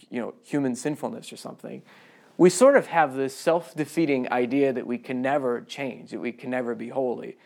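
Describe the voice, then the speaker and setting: A man's voice: medium pitch, a little mellow. A man preaching a conversational sermon, chatty and self-deprecating, with humorous asides.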